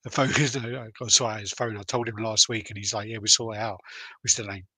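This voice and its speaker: A man's voice: on the low side, fairly even intonation, fast, bright, forceful tone, slightly rough, dry recording, low-quality recording. A man hosting a casual podcast, swearing freely and rambling through stories. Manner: swears freely, loose storytelling with fillers. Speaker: podcast host.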